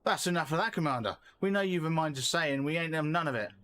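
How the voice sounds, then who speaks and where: A man doing a gruff, rough-spoken soldier. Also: on the high side, lively intonation, fast talker, bright, forceful tone, soft background music, pitched above the performer's own voice. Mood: stubborn. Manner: blunt, folksy, rough-spoken. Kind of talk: reading game dialogue aloud.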